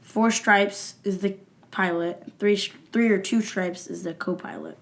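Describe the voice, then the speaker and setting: A young woman chats as a podcast co-host. She thinks out loud, poses questions as she goes, and lets her sentences trail off unfinished. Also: medium pitch, fairly even intonation, a little slow. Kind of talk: casual chat.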